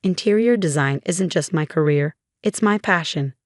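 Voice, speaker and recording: Dry, low-voiced woman narrating a story. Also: normal speed, dry recording. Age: young adult. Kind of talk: scripted first-person story narration.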